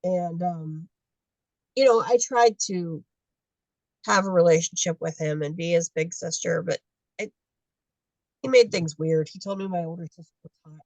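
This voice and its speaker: Woman, 50s, animated storyteller, dry close sound on a call. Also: lowish voice, normal speed, pauses often, no room sound, low-quality recording. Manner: animated, acts out dialogue in quotes. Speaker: guest adoptee. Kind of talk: casual storytelling on a video call.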